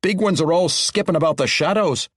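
A man's voice: a little high, fairly quick, dry recording, clean studio sound, pitched above the performer's own voice, close to an everyday voice. A man voicing a frustrated dwarf artillery gunner who cries out in a dwarven brogue. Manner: crying out in frustration.

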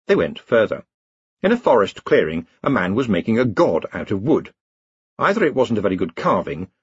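A man reads an audiobook with a husky voice and a wide, lively pitch. His delivery is dry-humoured. The recording is dull and dry, close to the mic. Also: no echo. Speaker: audiobook narrator. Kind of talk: audiobook reading.

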